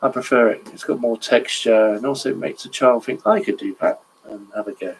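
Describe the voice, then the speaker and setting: A man's voice: medium pitch, fairly even intonation, a little fast, rough recording. Man reading a storybook aloud, chatty asides, faint noise behind. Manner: chatty, chuckles, stops to admire pictures. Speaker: reader of a children's book. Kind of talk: reading a picture book aloud with comments.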